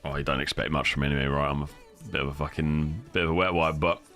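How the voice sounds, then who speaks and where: A man's voice: very deep voice, fairly even intonation, fast, fairly bright tone, soft background music. A tired man chatting casually on his livestream, rambling and swearing easily. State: tired and rough. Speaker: livestream host. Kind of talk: casual stream chat.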